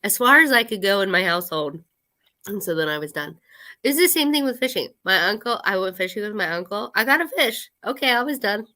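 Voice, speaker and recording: A young woman co-hosting a casual livestream chat, hoarse and scratchy from an illness, telling self-deprecating stories. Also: medium pitch, expressive, a little fast, bright, forceful tone. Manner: chatty storyteller, self-deprecating. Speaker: co-host.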